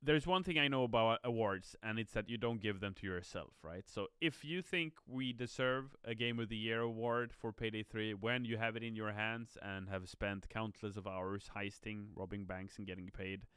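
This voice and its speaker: A man's voice: fairly low pitch, moderate pace, few pauses, fairly bright tone, clear, resonant tone, no echo, clean studio sound. A tired, yawning man chatting upbeat on a live stream as a game community manager, reading viewer comments aloud. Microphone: streaming mic.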